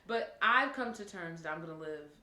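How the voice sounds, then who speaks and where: A woman's voice: fairly low pitch, animated, moderate pace, pushed and bright, echoey room. A woman from New Jersey co-hosting a podcast, giggly and playful in casual banter. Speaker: podcast co-host. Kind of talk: casual chat.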